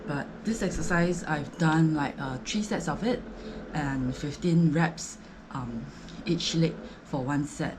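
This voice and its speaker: A Singaporean fitness vlogger chats casually about her home workout in a low, slow voice against a noisy background. Breathless between sets, she speaks Singaporean English full of fillers and rambling explanations.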